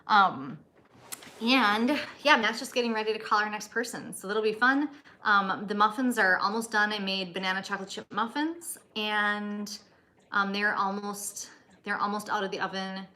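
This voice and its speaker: A woman's voice: mid-range voice, sharp tone. A woman co-hosting a live stream, rambling casually with many fillers while doing chores. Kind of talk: casual chat.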